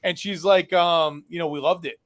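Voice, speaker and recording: A man's voice: fairly high pitch, fairly even intonation, normal speed, a bit bright. A man, a business founder and guest, telling a story casually and animatedly, acting out dialogue with lots of fillers.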